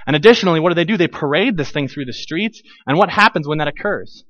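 A man preaching a conversational sermon as a pastor, animated, acting out quoted voices with frequent restarts. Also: fairly high pitch, quick pace, dry recording, muffled recording.

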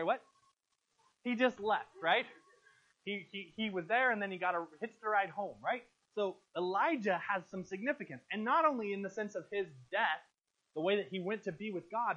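A man's voice: high voice, a bit bright, slightly rough. A male pastor giving a sermon, emphatic and questioning his congregation. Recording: muffled lo-fi recording.

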